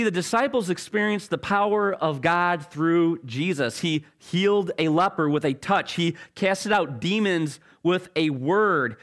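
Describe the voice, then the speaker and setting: A man preaching a sermon as pastor, telling an animated story with halting restarts. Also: sits high.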